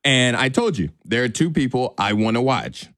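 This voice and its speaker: Animated male radio co-host. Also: medium pitch, normal speed, no echo, clean studio sound. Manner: animated, exasperated storytelling. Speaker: radio morning show co-host. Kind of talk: casual radio banter.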